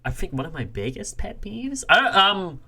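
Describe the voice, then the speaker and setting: Bright, lively-voiced podcast co-host. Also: medium pitch, moderate pace, slight background noise. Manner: emphatic, playful, acts out quotes. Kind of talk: casual chat.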